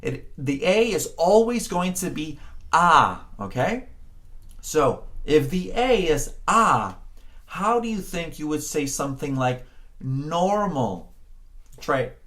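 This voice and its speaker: A man teaching a Spanish pronunciation lesson, encouraging the learner, often checking in with "okay?", and drawing out words slowly to model them. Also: a little high, very animated, fairly bright tone. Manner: slow, drawn-out words when modeling sounds. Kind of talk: spoken language lesson.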